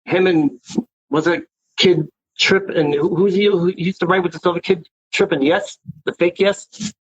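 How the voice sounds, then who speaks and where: A graffiti writer appears as an interview guest, speaking in a husky, high-pitched voice at normal speed. He's an animated storyteller whose tales ramble and are laced with profanity in this casual interview. The recording is dry, with a dull lo-fi sound.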